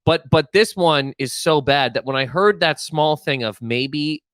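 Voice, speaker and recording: A man with a high-pitched voice chatting on a podcast, excitable and rambling, stumbling over his words and swearing freely. The sound is dry and close. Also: unhurried, no echo. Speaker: podcast co-host. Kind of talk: casual chat.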